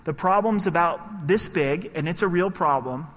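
A man's voice: sits high, moderate pace, fairly bright tone, long reverb tail. A man preaching a sermon in a conversational way, acting out the voices he quotes. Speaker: pastor.

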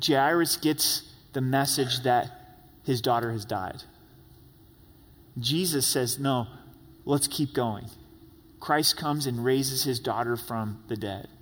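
A man's voice: fairly high pitch, fairly bright tone. A man preaching a sermon as pastor, earnest, acting out quoted prayers and pleas to his listeners. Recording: long hall reverb.

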